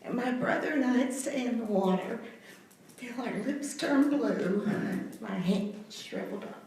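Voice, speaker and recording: A woman's voice: on the high side, measured pace, a little mellow, a little hiss or hum. An older woman speaking at a public meeting, emotional, her voice breaking as she talks. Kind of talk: public comment. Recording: echoey hall, distant mic.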